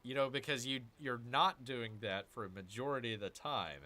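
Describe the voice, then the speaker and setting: Man, gaming host, bright tone, casual let's-play chatter, mutters through his turns. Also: mid-range voice, moderate pace. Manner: chatty, answers viewer chat while muttering over his moves.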